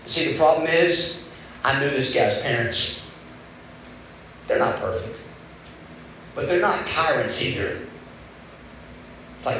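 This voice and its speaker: A man's voice: medium pitch, expressive, slow, long pauses, bright, forceful tone. A young man preaching a sermon at a retreat, talking in a conversational way and acting out the voices he quotes. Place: large room at a retreat. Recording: echoey room with faint background noise.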